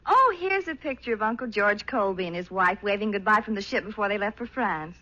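A woman's voice: mid-range voice, expressive, brisk, sharp tone, lo-fi sound. A woman doing 1940s radio comedy acting as an exasperated girlfriend, scolding her beau. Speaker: girlfriend character.

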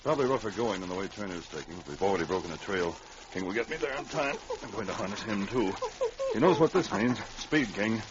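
An actor playing a stern, resolute mounted police sergeant in a radio drama, speaking with authority. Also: male voice, on the low side, lively intonation, quick pace, natural voice. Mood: determined. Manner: commanding, authoritative. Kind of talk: 1940s radio acting. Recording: dull old radio recording with hiss.

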